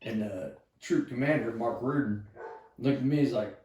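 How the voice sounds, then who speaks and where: A man in his fifties, an army vet, swaps war stories at a normal pace in a medium-pitched voice. His storytelling is casual and meandering, thick with profanity, with quotes acted out loudly. There's a roomy echo on the recording.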